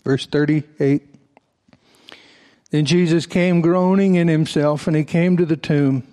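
Man, pastor, sermon, scripture reading, folksy asides, somewhat high voice. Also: steady tone, slow, warm tone. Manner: reads scripture aloud, breaking off for folksy asides to the congregation; raises his voice for emphatic passages.

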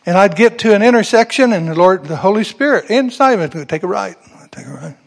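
A man's voice: sits high, expressive, fast talker. A man pastor telling a personal story in a sermon, building to fervent preaching.

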